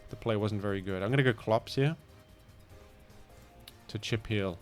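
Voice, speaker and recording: A man's voice: on the low side, moderate pace, faint music behind. A man with a British accent commenting live on a game he is playing, rambling in a playful, mock-grandiose way. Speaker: streamer.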